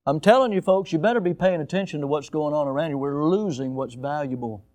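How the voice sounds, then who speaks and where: An older man, a pastor, preaching a sermon with emphatic rises and sudden quiet drops. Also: a little high, lively intonation, brisk, few pauses.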